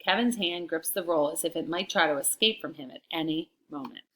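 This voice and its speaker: Brief: teacher, woman, low voice, chatty, reading aloud with expression. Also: brisk, fairly bright tone. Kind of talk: read-aloud lesson.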